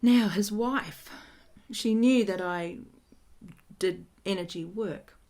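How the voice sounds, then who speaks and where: A woman's voice: medium pitch, slow, darkish tone. A woman who works as an energy healer, telling a personal story in a casual, frank way and laughing often.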